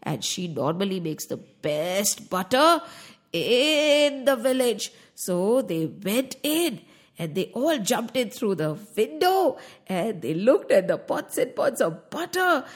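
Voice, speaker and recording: A woman telling a children's story in a playful, expressive way, speaking to young listeners. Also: a little high, slow pace.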